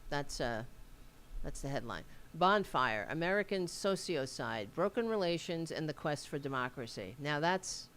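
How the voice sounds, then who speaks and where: A woman's voice: low voice, animated, normal speed, fairly bright tone. A woman hosting a casual livestream, rambling as she reads aloud and answers viewer comments, with a Staten Island accent. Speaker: host.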